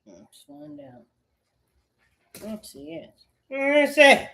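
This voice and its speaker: A woman's voice: fairly high pitch, very animated, takes it slowly, long pauses, a bit bright. A woman talking in an agitated, profane, repetitive rambling way. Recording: echoey room.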